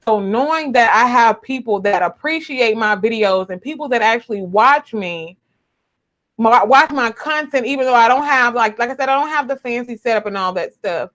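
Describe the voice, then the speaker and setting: A young adult woman YouTuber with a slightly high, bright, expressive voice chats emotionally with viewers during a casual live stream from home. Speaking at normal speed, she repeats herself, and the audio comes from a webcam or phone.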